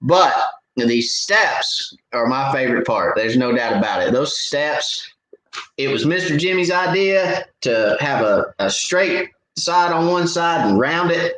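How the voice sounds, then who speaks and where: This middle-aged man hosts a fishing live stream Q&A, chatting casually in an echoey room with faint noise behind him. His medium-pitched, fairly bright voice is animated yet unhurried, and he's relaxed and talkative, dropping "uh" often.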